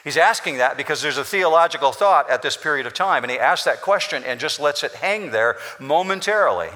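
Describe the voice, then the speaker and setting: Long hall reverb surrounds a man's bright, forceful, somewhat high voice as he preaches as pastor in a church sanctuary. He explains scripture in an emphatic, repetitive style.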